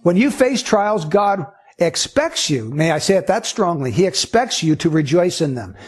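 A man's voice: sits high, big pitch swings, moderate pace, breathy edge. A man preaching a sermon, reading scripture aloud and teaching earnestly through rhetorical questions.

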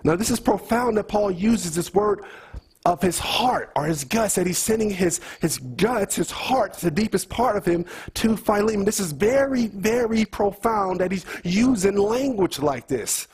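A man's voice: sits high, lively intonation, a little slow, darkish tone, slightly rough. A man giving a conversational Bible teaching in an earnest way, repeating key phrases and quizzing his listeners.

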